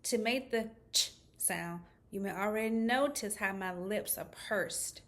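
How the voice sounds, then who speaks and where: Woman speech therapist, slow and patient delivery, over-articulates sounds for kids. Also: medium pitch, fairly bright tone. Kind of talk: children's speech lesson.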